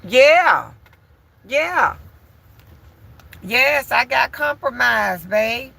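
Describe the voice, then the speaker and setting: A woman's voice: on the high side, expressive, drawn-out words, vocal fry, pushed and bright, breathy edge. A woman vlogger chatting bluntly and candidly to her viewers from home while doing chores. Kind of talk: casual chat to viewers.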